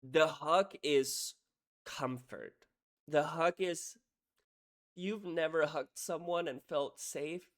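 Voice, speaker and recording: A man's voice: fairly high pitch, slow pace. Emotional man breaking down lyrics. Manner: animated, says "right?" often, swings between loud and hushed. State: emotional, head hurting. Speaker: music reaction creator.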